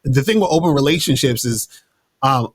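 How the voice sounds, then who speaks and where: A man's voice: mid-range voice, expressive, brisk, slightly rough, no room sound. A man telling dating stories in a laid-back, slangy way with many restarts, speaking as an interview guest. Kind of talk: casual interview talk.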